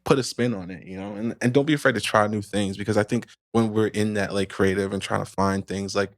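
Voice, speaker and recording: Man, podcast guest, rapid rambling advice, lower voice, dry sound. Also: fairly even intonation, no room sound. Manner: quick, rambling, many fillers and restarts. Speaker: podcast guest, video marketer. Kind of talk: casual chat giving advice.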